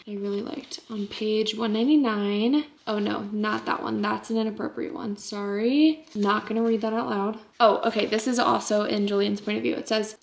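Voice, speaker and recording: Young woman rambling about books at home, lots of likes and okays, kinda gravelly. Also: mid-range voice, fairly even intonation, moderate pace, few pauses. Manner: chatty and giggly, many fillers like "like" and "okay?"; hushed, half-whispered stretches. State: tired. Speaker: book vlogger. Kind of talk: casual vlog chat. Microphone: camera mic.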